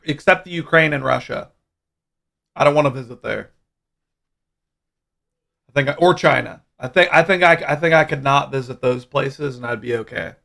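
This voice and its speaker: Male streamer, gravelly, a bit higher-pitched, loose rambling chat. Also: pushed and bright. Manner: rambling, restarts and repeats words. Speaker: livestream host. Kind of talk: casual livestream chat.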